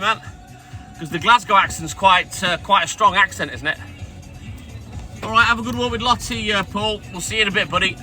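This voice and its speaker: A man's voice: on the high side, moderate pace, pushed and bright. A man on his milk round chatting casually with live-stream viewers, greeting them by name. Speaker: livestreaming milkman. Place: delivery vehicle on a milk round. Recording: music playing behind.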